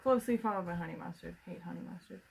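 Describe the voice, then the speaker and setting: Woman, podcast co-host, husky voice, gravelly fry, blunt casual chat. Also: on the low side, very fast, a little mellow, low-quality recording.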